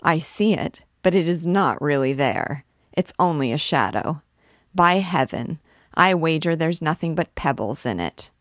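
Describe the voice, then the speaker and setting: A woman reading aloud, voicing a boisterous, blustering young male army captain who swears loudly. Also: low-pitched, lively intonation, unhurried, no echo, studio quality.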